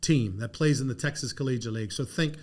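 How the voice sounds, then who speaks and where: A middle-aged man from Louisiana, a podcast guest telling stories in a lively, casual way. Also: medium pitch, quick pace. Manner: lively anecdotal, laughs through his stories. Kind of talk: casual storytelling interview.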